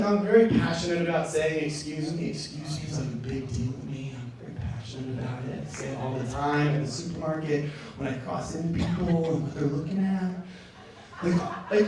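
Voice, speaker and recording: A man with a high voice works a comedy club stage, rambling and repeating lines before shouting out his punchlines. He sounds distant from the mic, and the room rings with heavy echo. A lively audience murmurs and laughs clearly behind him. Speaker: stand-up comedian. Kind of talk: stand-up routine.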